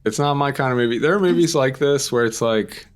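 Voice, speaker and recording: A man's voice: medium pitch, a little fast. A young man co-hosting a podcast in a casual chat, rambling and chatty with lots of "like" and the odd curse word. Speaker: podcast co-host.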